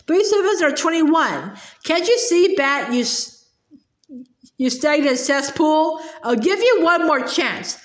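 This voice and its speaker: A woman's voice: high voice, lively intonation, slow, exaggerated voice. Woman doing a bellowing bully headmistress. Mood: furious. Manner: shouting insults, barking orders. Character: booming bullying giant headmistress, cruel. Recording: echoey room.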